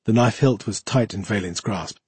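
Male audiobook narrator, husky timbre, dry close-miked recording. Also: on the low side, normal speed, a little mellow, dry recording.

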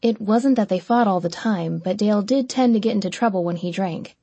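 A woman narrating an audiobook in the first person, with an even, measured reading and close miking. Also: medium pitch, slightly rough, no room sound.

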